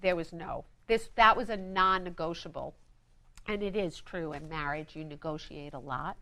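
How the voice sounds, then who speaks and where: A woman's voice: fairly low pitch, moderate pace, bright, forceful tone. A middle-aged woman in a casual family chat, prompting her partner's stories and laughing easily. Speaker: storyteller in a family conversation.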